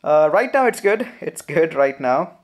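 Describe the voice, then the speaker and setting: A young man with an Indian English accent answering viewer questions in a relaxed, chatty live Q&A, full of "uh" fillers. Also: a little high, measured pace. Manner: relaxed, chatty, frequent "uh" fillers, laughs often. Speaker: programming channel host. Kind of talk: live Q&A, reading viewer comments.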